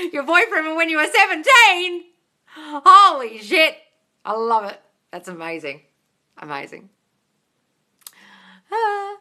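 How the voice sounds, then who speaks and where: A bubbly woman in her thirties hosts a live-stream Q&A. Her voice sits fairly high and sounds very bright and sharp. She squeals and laughs often as she reads out comments and answers them. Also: big pitch swings, takes it slowly, pauses often. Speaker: manifestation coach.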